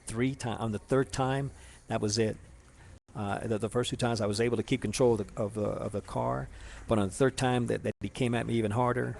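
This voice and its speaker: Rambling gravelly-voiced man. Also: medium pitch, steady tone, darkish tone, slight background noise. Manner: rambling, halting with many restarts and fillers. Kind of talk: personal testimony monologue addressed to someone.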